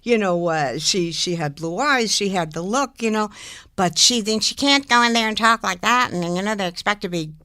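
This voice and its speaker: An older woman, a guest impressionist, telling animated stories in an interview, laughing and demonstrating speech sounds. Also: medium pitch, moderate pace, no room sound, studio quality. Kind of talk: anecdotal interview storytelling.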